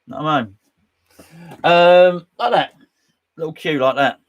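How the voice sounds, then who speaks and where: A man's voice: on the high side, a little slow, dull audio. A man hosting a casual live stream from his home man cave, rambling and joking as he reads out chat comments. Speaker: host.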